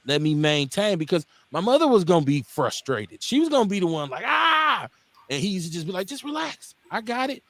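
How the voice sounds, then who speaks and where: Quick-paced with hardly any pauses and a voice on the high side, a Milwaukee talk radio host in his forties keeps his show casual. He's blunt and profane, an animated storyteller who acts out the people he quotes.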